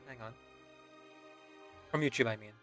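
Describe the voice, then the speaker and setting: Male streamer host, casual, laid-back, mid-pitched, faint background music. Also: normal speed. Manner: relaxed, chatty, laughs often.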